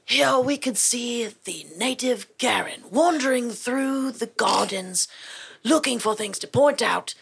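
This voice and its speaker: A mock-solemn nature documentary narrator, as a woman puts him on, describing the scene in a slow, measured British voice. The delivery is hushed and deliberate, with a bright tone. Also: fairly high pitch, vocal fry, slightly rough, pitched above the performer's own voice, full character voice.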